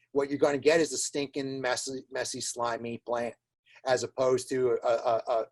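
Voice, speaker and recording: A man giving an informal webinar lecture on plant diagnostics, chatty and wry, full of fillers and repeated words. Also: mid-range voice. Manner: wry, laughs at his own jokes.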